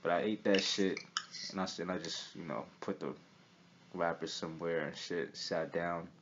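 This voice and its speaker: A man's voice: sits low, fairly even intonation, moderate pace. A young man telling a story in a casual, streetwise way, swearing freely and often checking in with his listener. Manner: profane, streetwise, keeps asking "you feel me". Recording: slightly dull recording with faint hiss.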